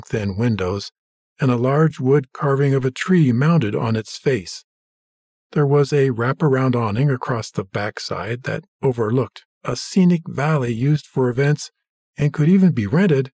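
A man reading a story aloud in steady scripted narration, shifting his voice for the characters' lines. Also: mid-range voice, a little slow, husky, dry recording, clean studio sound. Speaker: audiobook narrator.

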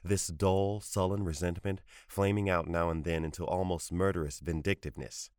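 A man giving a measured, scripted narration of a short story. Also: low-pitched, fairly even intonation, darkish tone, clear, resonant tone, dry recording, studio quality. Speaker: audiobook narrator.

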